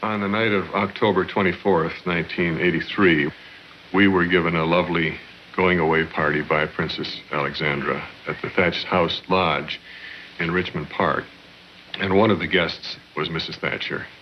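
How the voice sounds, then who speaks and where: A man recalling events in a documentary interview, with measured, formal storytelling. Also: low-pitched, fairly even intonation, slight background noise. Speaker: former diplomat interviewee. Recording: muffled archive documentary audio.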